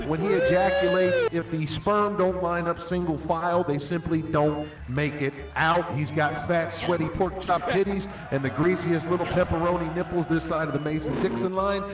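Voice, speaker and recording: A man with a polished radio voice delivering a theatrical, booming insult-comedy roast. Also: steady tone, moderate pace, hardly any pauses. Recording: echoey distant voice chat with faint music.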